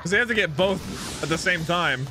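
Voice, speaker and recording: Excitable high-voiced young man reacting. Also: normal speed. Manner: excitable, bursts into loud exclamations; slangy, loose chatter with fillers. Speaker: anime reaction host. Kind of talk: casual reaction commentary. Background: anime soundtrack music playing.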